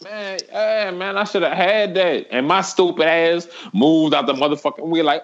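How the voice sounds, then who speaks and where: Laughing high gravelly young man. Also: normal speed, dull audio. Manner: animated, profane, laughing storyteller. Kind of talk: casual storytelling chat.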